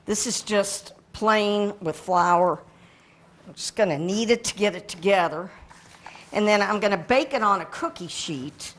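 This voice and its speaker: A woman chef in a casual cooking demonstration, chatty and quick to laugh as she explains each step. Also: mid-range voice, a bit bright. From United States.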